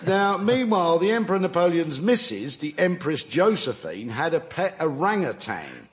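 A man on a radio panel show, telling absurd claims in a deadpan but lively way. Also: a little high, moderate pace. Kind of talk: comic storytelling on a panel show.

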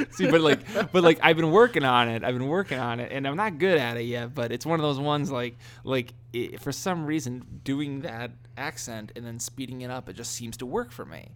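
Rambling man in casual chat. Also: medium pitch. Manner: rambling, halting, laughs often. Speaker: podcast co-host. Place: living in the American South.

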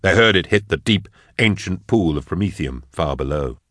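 A man narrating an audiobook in a measured, even way. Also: low voice, no room sound, clean studio sound.

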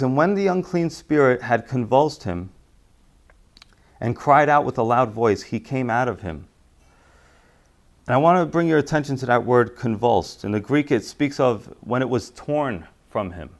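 A man preaching a sermon, talking conversationally and getting louder when he reads scripture aloud. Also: medium pitch. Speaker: pastor.

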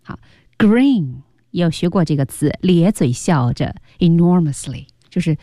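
Lively woman teaching on radio. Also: on the low side, unhurried, no echo, clean studio sound. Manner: lively, prompting listeners. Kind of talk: explaining a story in a radio lesson. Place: radio studio.

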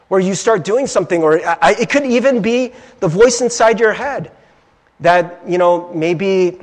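A male pastor preaching in a casual, conversational way and asking the room "right?" again and again. His voice is high and husky, and it moves in lively leaps of pitch. A long reverb tail hangs after his phrases, as in a large church hall. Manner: animated storytelling. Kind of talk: sermon.

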